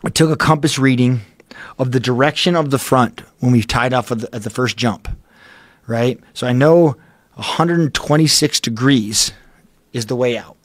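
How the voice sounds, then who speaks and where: A man with a mid-range voice, recorded without echo, appears as a podcast guest recounting a cave-diving ordeal. He tells it in casual chat, intense and profane, swearing often and halting to stop and restart.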